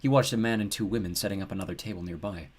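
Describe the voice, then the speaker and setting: A man narrating an audiobook in an even, measured reading. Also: low voice, slightly rough. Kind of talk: scripted narration.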